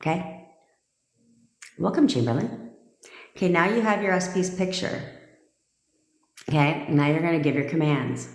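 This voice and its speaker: Low-voiced bossy woman coaching live. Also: animated, a little slow, pauses often, darkish tone. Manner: bossy, blunt and profane, with frequent "okay?". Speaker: manifestation coach hosting a live stream. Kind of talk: live stream coaching, talking to viewers. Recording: roomy echo.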